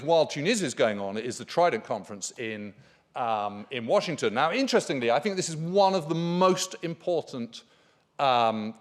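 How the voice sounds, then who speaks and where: A man giving a history lecture at a conference, speaking emphatically and enthusiastically with frequent fillers. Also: medium pitch. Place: conference hall.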